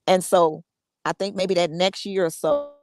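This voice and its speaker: Slow-talking woman telling a story. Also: lowish voice, fairly even intonation. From United States. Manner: conversational, repeats words, laughs often. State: emotional, fighting tears. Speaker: podcast host. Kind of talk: personal storytelling.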